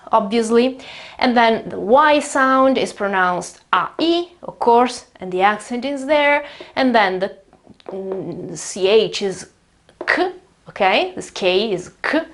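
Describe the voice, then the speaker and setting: A native Italian speaker from Italy, with an Italian accent and a fairly high-pitched voice, gives an English pronunciation lesson beside a whiteboard. She explains things chattily and slowly repeats words to demonstrate them.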